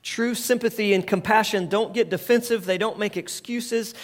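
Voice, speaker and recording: A man with a high voice gives a relaxed, conversational sermon. He speaks like a pastor talking with his congregation and has them repeat short phrases back to him. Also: moderate pace. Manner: conversational preaching, leads the audience in call-and-response.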